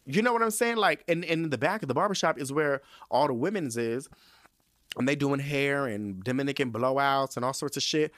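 A man's voice: medium pitch, moderate pace, a bit bright, dry recording. Profane ranting man, dry close sound. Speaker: podcast host. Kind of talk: casual storytelling monologue.

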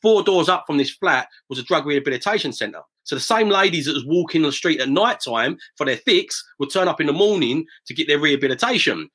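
A middle-aged man from near Romford, telling property-investing stories as an interview guest in a lively, anecdotal way. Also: a little high, fairly quick, hardly any pauses, slightly rough. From south-east England, near Romford. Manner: lively anecdotal, acts out quoted voices. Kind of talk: casual storytelling interview.

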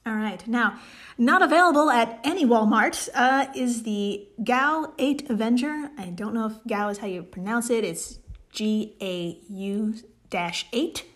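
A woman's voice: fairly high pitch, a little slow, fairly bright tone. A woman on a casual podcast, playfully explaining a problem step by step with jokes. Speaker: podcast co-host explaining science.

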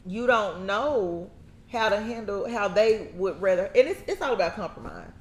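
A woman hosting a casual chat, talking animatedly, laughing often and acting out quotes in a high voice. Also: sing-song, moderate pace. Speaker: podcast host. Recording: echoey room with faint noise.

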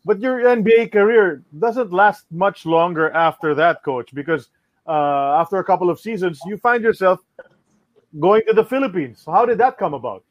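Male co-host asking questions, casual with small fillers, higher voice, dull recording. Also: moderate pace. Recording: dull lo-fi sound.

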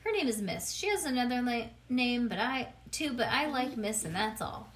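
A woman reading a children's book aloud to a child, expressive and playful, chatting between passages. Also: on the high side, normal speed, few pauses.

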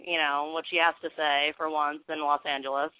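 A woman's voice: sits low, flat delivery, a little fast, dry recording. A young woman in her twenties calls in to a radio show, hesitating and laughing nervously between her words. She comes through a tinny, phone-like line with a dry, close sound. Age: 20s. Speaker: caller. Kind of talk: casual call-in chat.

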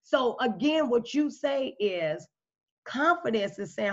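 A woman guest in a casual interview, telling her story and acting out quoted dialogue with big jumps in pitch. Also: animated, slow pace. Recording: slightly dull lo-fi audio.

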